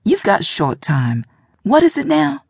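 A woman's voice: high-pitched, wildly swooping pitch, unhurried, creaky, a little mellow, husky, dry recording, clean studio sound, pitched above the performer's own voice, full character voice. A woman voicing a middle-aged mother who urges and coaxes in a firm, insistent way. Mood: urging.

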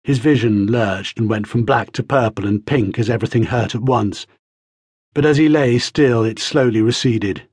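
Husky male audiobook narrator. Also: medium pitch, normal speed, darkish tone, no room sound, studio quality. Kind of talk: scripted narration.

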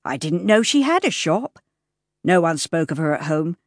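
A woman voicing a courteous, slightly flustered young gentleman in an audiobook. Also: low voice, very animated, normal speed, no echo, clean studio sound. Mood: polite. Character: polite awkward young gentleman. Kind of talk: audiobook character voice.

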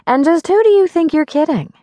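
A woman's voice: extremely high pitch, animated, brisk, dark tone, no room sound, voice pushed up. A woman voicing a snarky inner voice that sounds like a scolding mother, scoffing and taunting.

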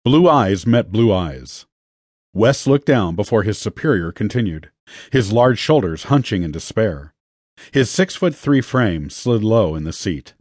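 A man reading a thriller audiobook as narrator, with an expressive delivery. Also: fairly low pitch, a little slow, husky, no room sound, clean studio sound. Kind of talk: scripted narration.

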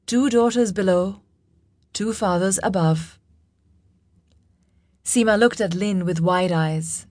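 A woman narrating a fantasy audiobook in a measured, dramatic storytelling manner. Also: medium pitch, no room sound, studio quality.

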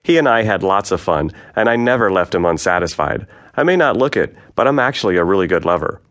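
A man voicing a flirtatious woman in her forties with a Trinidadian accent, who speaks slowly and softly in an audiobook memoir. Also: low voice, lively intonation. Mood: confiding. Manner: slow, soft-spoken, coaxing.

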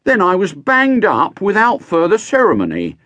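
A man's voice: high voice, huge pitch swings, normal speed, fairly bright tone, no room sound, muffled recording, voice pushed up, full character voice. An actor playing a pedantic, aggrieved man formally recounting his arrest. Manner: formal, fussy, precise wording.

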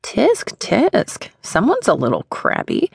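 A woman's voice: mid-range voice, huge pitch swings, slow pace, vocal fry, slightly rough, no room sound, studio quality, pitched above the performer's own voice, exaggerated voice. A woman narrator voicing a bubbly woman who puts on a terrible British accent in an audiobook. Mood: excited. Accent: put-on British. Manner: chirpy, theatrical. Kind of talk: audiobook character voice.

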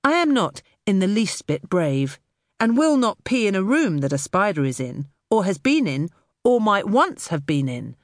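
Expressive woman narrating an audiobook. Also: mid-range voice, moderate pace, no echo, clean studio sound. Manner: expressive first-person storytelling.

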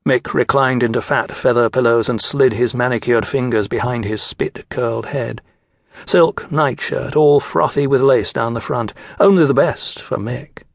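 A man narrating an audiobook in measured storytelling style. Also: medium pitch, vocal fry, no echo, clean studio sound. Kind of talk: scripted narration.

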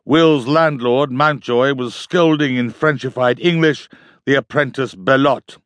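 A man narrating a novel in a theatrical, lively reading on a close studio mic. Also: mid-range voice, measured pace, no room sound. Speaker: audiobook narrator. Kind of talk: scripted narration.

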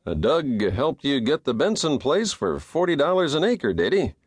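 A man's voice: medium pitch, very animated, moderate pace, slightly rough, no echo, voice pushed up. A man playing a grave, guarded cowboy in an audiobook, dry and understated. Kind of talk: audiobook character voice.

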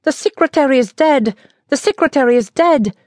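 A woman voicing a panicked, gossipy French village woman of sixty-two in an audiobook, with shrill, frantic outbursts. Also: animated, moderate pace, no room sound, studio quality, natural voice.

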